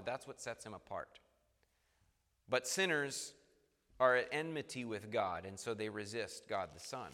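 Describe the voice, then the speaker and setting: A man preaching a sermon, earnest and halting, with repeated restarts, reading scripture aloud. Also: on the low side, pushed and bright. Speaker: pastor. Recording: long reverb of a hall.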